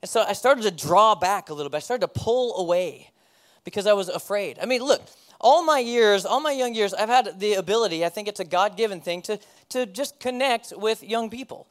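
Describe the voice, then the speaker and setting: Man, 30s, pastor; high voice, candid self-deprecating testimony with easy laughs. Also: a little fast. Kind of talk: personal testimony sermon.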